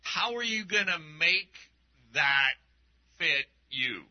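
Male pastor, fairly high voice, unhurried and rambling sermon delivery, muffled lo-fi audio. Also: expressive. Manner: conversational, rambling with restarts and asides.

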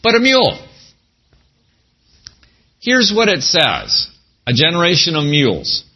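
A man preaching a sermon as a pastor, animated, with folksy asides. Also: on the high side, measured pace, highs cut off.

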